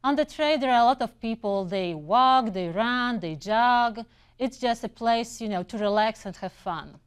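A middle-aged woman who teaches English tells stories from her own life in a relaxed, conversational way. Her voice sits a little high and sounds smooth and clear. She is a non-native speaker of English, and she sometimes restarts a word or two along the way. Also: measured pace. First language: not English. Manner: conversational, with brief restarts and fillers. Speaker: English instructor. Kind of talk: personal storytelling.

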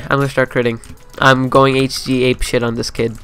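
A young man giving profane, running commentary over his own game, muttering asides and then yelling trash talk at opponents. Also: mid-range voice, level tone, moderate pace, few pauses, clear, resonant tone. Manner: profane, swinging between mumbled asides and yelled trash talk. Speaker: gameplay commentator. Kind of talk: live gameplay commentary.

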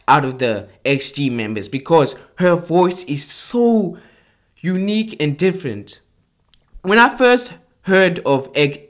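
Young adult vlogger, enthusiastic casual commentary, animated delivery, unhurried pace, keeps circling back to exclamations. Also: mid-range voice. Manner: excitable, repeats exclamations and phrases.

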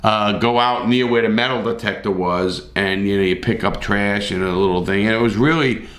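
A man's voice: fairly low pitch, moderate pace, a bit bright, roomy sound. A middle-aged man telling a story in a blunt, profane, casual way, with repeated starts.

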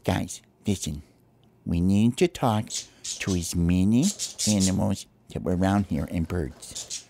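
A man telling a home-made pretend play as a pet bird sleuth, in a low, scheming murmur. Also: takes it slowly, vocal fry, background noise. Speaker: storyteller dad playing the lead bird.

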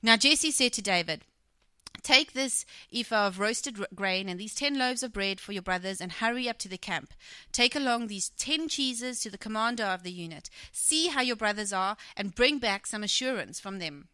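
A middle-aged woman preaching a sermon, retelling a story and acting out its quoted speech with lively emphasis. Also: mid-range voice, moderate pace, clear, resonant tone, no room sound.

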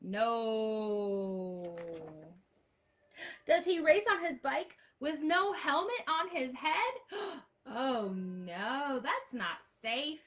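A woman children's librarian leads a storytime over a webcam. Her voice sits a bit high, and she speaks slowly and clearly. She gasps, exclaims and sings along for little ones. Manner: animated, sing-song, gasps and exclaims for young children. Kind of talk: online storytime reading and singing.

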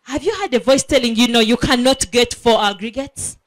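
A woman preaching a children's sermon at a school prayer week, asking her listeners questions and repeating key words for emphasis. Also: on the high side. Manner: slow, emphatic, asks the audience questions. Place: school assembly.

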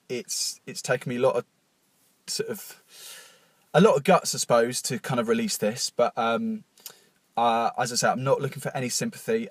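A man hosting a confessional podcast, speaking in a halting, nervous and openly emotional way with many pauses and restarts. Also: mid-range voice, no echo. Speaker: podcast host.

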